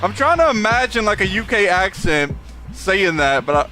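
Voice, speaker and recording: Young male streamer, casual and talkative, reads chat and laughs a lot; light, high voice. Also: big pitch swings, normal speed, pushed and bright, faint music behind. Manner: chatty, reads chat aloud, laughs often. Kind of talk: live gameplay commentary.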